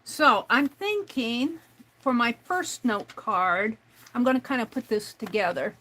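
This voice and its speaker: A woman's voice: fairly high pitch, expressive, unhurried, sharp tone, poor audio. A woman hosting a crafting livestream in casual chat, thinking aloud and reading out chat messages as she works.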